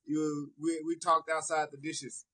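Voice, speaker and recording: A man co-hosting a podcast in casual chat, chiming in with quick remarks and laughing asides. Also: a little high, level tone, fairly bright tone. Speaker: podcast co-host.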